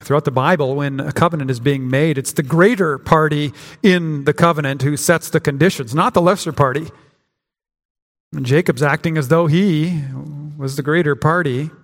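A male pastor delivers a sermon in a conversational, searching way, often restarting his sentences and acting out quotes. His voice sits fairly high for a man. The sound rings with the long reverb of a church sanctuary. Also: normal speed. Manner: conversational preaching with frequent restarts and acted-out quotes.

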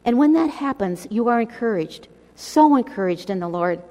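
A woman's voice: fairly high pitch, animated, normal speed. Earnest woman teaching in a reverberant church. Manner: earnest, gently exhorting, addresses listeners directly. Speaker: women's Bible study teacher. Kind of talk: devotional Bible teaching. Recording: long hall reverb.

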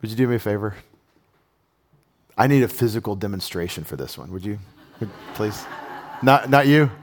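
A man preaching a sermon in a conversational, animated way, often asking his audience questions. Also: fairly low pitch, normal speed. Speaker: pastor.

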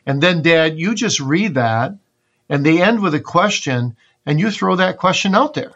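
A man's voice: on the high side, expressive, moderate pace, a bit bright, lo-fi sound. A man being interviewed as a pastor and author, giving earnest teaching in numbered points with homely family examples. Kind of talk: instructive interview answers.

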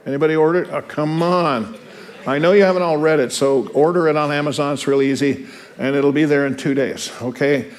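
Chatty male teacher, slightly high voice. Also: steady tone, brisk. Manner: conversational, often checks in with the class. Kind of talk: informal lecture with reading aloud.

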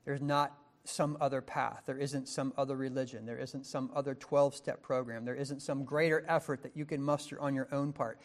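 A man preaching a sermon, emphatic, with rising stressed questions and slow deliberate phrases. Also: medium pitch, fairly even intonation. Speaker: pastor.

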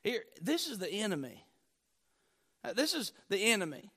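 High-pitched guy preaching, repeats stuff for effect, goes loud then drops real quiet. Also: sing-song, moderate pace, slightly rough. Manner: emphatic preaching, swinging between loud declarations and low, hushed lines; repeats key phrases for effect. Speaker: pastor. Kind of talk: sermon.

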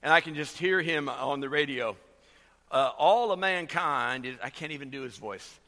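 A man preaching a sermon as pastor, halting with many fillers and restarts as he explains a verse. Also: medium pitch, pushed and bright, big-room sound.

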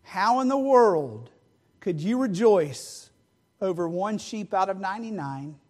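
A man's voice: lively intonation, measured pace. A man preaching a sermon, acting out the characters of a parable in dramatic voices. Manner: acts out the parable characters with big shifts in pitch and loudness.

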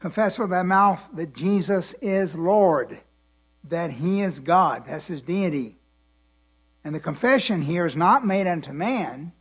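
A man teaching from the Bible in a slow, deliberate way, repeating his points and letting the congregation fill in words, his voice tired at the end of the day. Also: sits high, animated, husky. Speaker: preacher.

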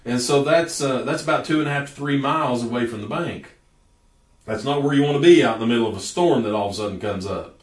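A man's voice: mid-range voice, fast talker. A man preaching a sermon in a folksy storytelling way, stretching out words for emphasis. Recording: echoey room from a distance.

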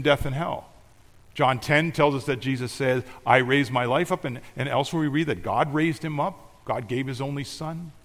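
A male pastor preaching a sermon, emphatic, moving between loud declarations and quiet, intimate asides. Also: mid-range voice, long reverb tail.

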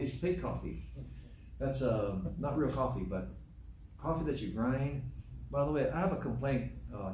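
A man's voice: medium pitch, dark tone, slight background noise. A man preaching a conversational sermon, full of rhetorical questions and chatty asides, recorded from a distance in a church hall. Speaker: pastor. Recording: distant mic, echoey room.

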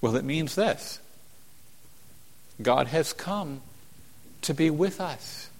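A man preaching a sermon as a pastor, earnest, rising to emphatic peaks and falling to hushed tones. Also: on the high side, animated, takes it slowly, long pauses. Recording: long hall reverb.

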